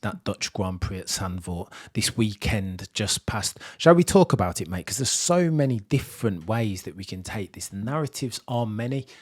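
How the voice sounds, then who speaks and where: A man hosting a casual podcast, jokey and animated, swinging from quiet asides to loud outbursts. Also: on the low side, normal speed, few pauses. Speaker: podcast host.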